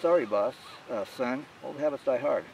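A brash, wisecracking gunman, put on by a male author reading aloud. He talks high and loud with open exasperation. The voice sits at a distance from the mic with faint noise behind. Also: normal speed, gravelly, lightly acted. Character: brash wisecracking man with a shotgun.

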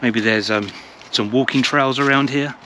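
A man's voice: mid-range voice, fairly even intonation, normal speed, pushed and bright. A man narrating a casual walking vlog through a village, chatty and rambling, repeating his words. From England. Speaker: travel vlogger. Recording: outdoor recording with clear traffic noise.

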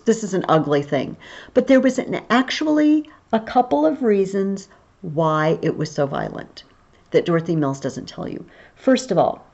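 Chatty woman teaching history, lower voice. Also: a little mellow, dull audio. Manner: chatty, explaining aloud. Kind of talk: recorded video lesson.

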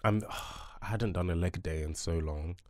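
A man guesting on a podcast in casual chat, telling animated, jokey stories. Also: low-pitched, unhurried, no echo. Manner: animated, jokey storytelling with swearing.

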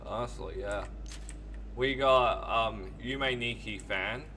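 A man's voice: fairly low pitch, slow pace, bright, forceful tone, slight background noise. A man hosting a let's play, chatting casually while gaming, rambling, joking and swearing.

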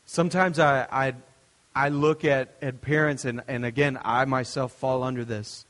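A man's voice: medium pitch, fairly even intonation, moderate pace, a bit bright, in a large hall. A young adult male pastor giving a conversational, story-driven sermon. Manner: storytelling, conversational, with restarts and asides.

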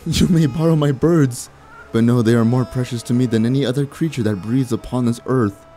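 Man doing a soft, sly old witch. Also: medium pitch, a little fast, soft background music, lightly acted. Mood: menacing. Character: cryptic old female witch, sly and menacing. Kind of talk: voicing game dialogue.

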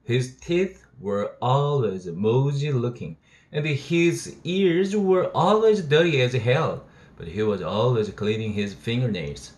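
A man's voice: medium pitch, animated, slow pace, a little mellow. A man, an English teacher reading a novel aloud steadily and voicing its dialogue. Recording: roomy echo.

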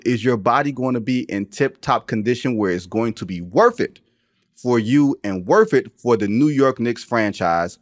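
A man's voice: lowish voice, no room sound, studio quality. A man in his forties hosting a casual sports podcast, emphatic and joking, slipping into slang.

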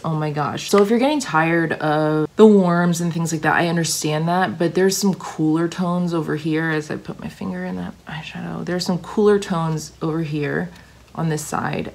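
A woman reviewing makeup products in casual, gushing chat, her voice a little hoarse because she is getting sick. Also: deep voice, slight background noise. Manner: gushing, chatty, restarts often. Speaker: beauty vlogger.

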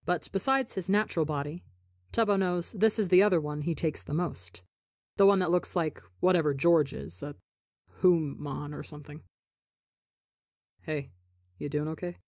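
A woman reading a story aloud for a podcast, measured and expressive. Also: fairly low pitch, no room sound, studio quality. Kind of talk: audiobook narration of fan fiction.

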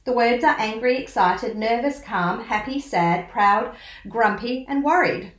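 A woman educator reading a children's book aloud and explaining it, in a teacherly way that asks the listener questions. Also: on the high side. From Australia. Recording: roomy echo.

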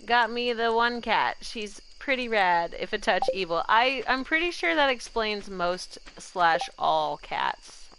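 A woman's voice: mid-range voice, animated, a little slow, hardly any pauses, background noise. A woman streamer chatting casually while playing a farming game, gushing over baby animals and talking to her chat and pets. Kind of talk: casual gameplay commentary.

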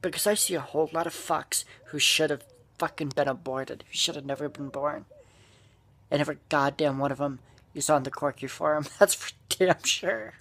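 Angry vlogger man, husky voice, profane shouting rant. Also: a little high, flat delivery, a little fast. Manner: profane, furious, shouting bursts. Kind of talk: angry ranting monologue.

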